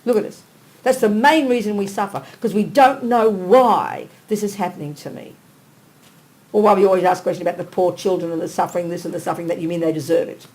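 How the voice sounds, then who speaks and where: A woman's voice: medium pitch, brisk, low-quality recording. Emphatic older woman teaching. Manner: emphatic, animated, blunt and conversational. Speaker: Buddhist nun teacher. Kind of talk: dharma teaching talk. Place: teaching hall.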